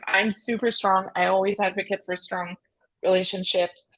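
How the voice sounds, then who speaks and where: Emphatic, husky-voiced woman talking politics. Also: medium pitch, level tone, fairly bright tone, rough recording. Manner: emphatic, opinionated, quick outbursts. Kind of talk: casual political chat.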